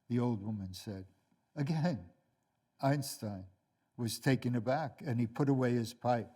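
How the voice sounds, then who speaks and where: Older male lecturer, deliberate and wry, very slow delivery at an average pitch. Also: dark tone, slightly rough. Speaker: lecturer, author. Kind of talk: read lecture and storytelling.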